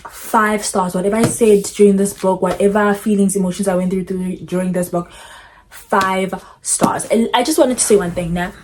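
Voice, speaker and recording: A woman's voice: medium pitch, fairly even intonation, moderate pace, a little hiss or hum. A young woman, a book vlogger chatting casually and emphatically. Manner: emphatic, dramatic, outspoken. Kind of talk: casual vlog chat.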